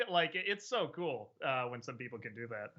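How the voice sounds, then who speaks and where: Hesitant man, lively bright voice. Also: mid-range voice, moderate pace, lo-fi sound. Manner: hesitant, many fillers and restarts, laughs easily. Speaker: host of a live-streamed chat show. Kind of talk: casual live-stream chat answering viewers.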